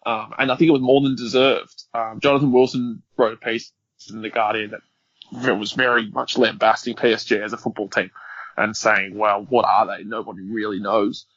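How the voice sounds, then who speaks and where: A man's voice: medium pitch, steady tone, normal speed, a bit bright, no room sound. A man talking as a podcast guest, giving articulate, analytical football talk at length. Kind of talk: casual chat. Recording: dry, dull lo-fi sound.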